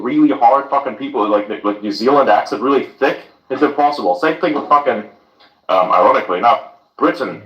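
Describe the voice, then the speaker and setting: A man's voice: on the low side, fairly bright tone, echoey room, far from the mic, muffled recording. A German man whose first language is German, ranting with lots of swearing in casual podcast chat. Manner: profane, ranting.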